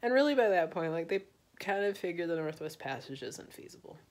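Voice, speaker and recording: A woman's voice: lowish voice, sing-song, fairly quick, darkish tone. A tipsy woman telling a history story in a rambling, slangy, loose way. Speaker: vlogger.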